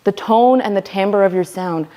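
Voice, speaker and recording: Animated woman leading a voice workshop. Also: mid-range voice, moderate pace. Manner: animated, acts out quoted voices. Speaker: workshop teaching artist. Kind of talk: workshop lecture.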